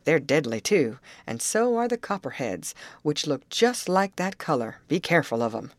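A gruff middle-aged male overseer gives plain, matter-of-fact warnings, read by a woman. The voice sits low and swings widely in pitch, recorded dry and close for an audiobook. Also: very animated, moderate pace, no room sound, heavily acted. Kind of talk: audiobook character reading.

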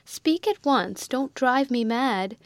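A woman reading aloud and voicing an imperious, easily alarmed wealthy old spinster with shrill, petulant outbursts. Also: animated, takes it slowly, no echo. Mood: furious.

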